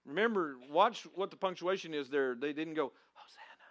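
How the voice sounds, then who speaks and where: A man's voice: on the high side, expressive, brisk. A man pastor preaching a sermon, praying and then reading and acting out scripture with dramatic emphasis. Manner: dramatic, shouting crowd voices in reenactment.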